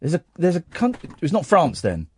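A man's voice: fairly high pitch, huge pitch swings, normal speed, darkish tone, breathy edge. A middle-aged man, a late-night radio host telling rambling family stories and acting out the dialogue. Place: radio studio.

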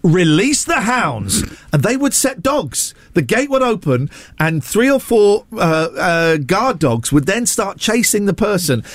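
A man talks on his radio show, and his pitch swings up and down as he rambles. He keeps cutting in on himself with jokes at his own expense. His voice sounds close to the mic in a dry, dead room. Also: big pitch swings, a little slow, hardly any pauses, no room sound. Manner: rambling, self-deprecating, jumps between asides. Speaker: radio host. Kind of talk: casual on-air chat. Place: radio studio.

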